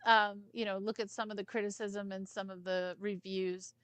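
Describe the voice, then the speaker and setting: A woman's voice: mid-range voice, little pitch movement, normal speed, fairly bright tone, clear, resonant tone, dry recording. Female film-chat co-host, mid-range voice, rambling delivery, dead dry sound. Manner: rambling, full of "you know" asides. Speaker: film review podcast co-host. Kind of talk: casual film review chat.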